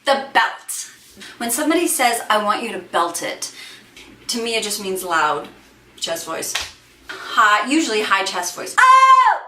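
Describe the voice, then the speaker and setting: A woman singer and voice teacher talks through her vocal range in a relaxed, thinking-aloud way, full of "like" and "sort of". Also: medium pitch, measured pace. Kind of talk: casual vocal demonstration. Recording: echoey room, distant mic, faint hiss.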